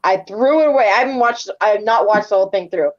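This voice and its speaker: A woman's voice: medium pitch, fast talker, lo-fi sound. A middle-aged woman telling stories casually as an interview guest, rambling and repeating words as she retells events. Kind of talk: casual storytelling.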